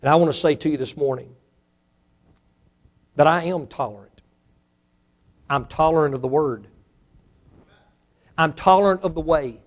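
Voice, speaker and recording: A pastor with a Mississippi Southern accent preaching a sermon, his voice swelling to fiery shouts and then falling to a hushed prayer. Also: a little high, moderate pace, pauses often. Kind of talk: sermon with altar call.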